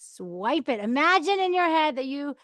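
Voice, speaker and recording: A woman's voice: high-pitched, very animated, moderate pace, a bit bright, dry recording. A woman hosting a podcast, talking casually about choosing peace, acting out quoted replies and laughing now and then. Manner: chatty, acts out quoted replies, laughs often. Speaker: podcast host. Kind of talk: casual advice monologue. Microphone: mic on a counter.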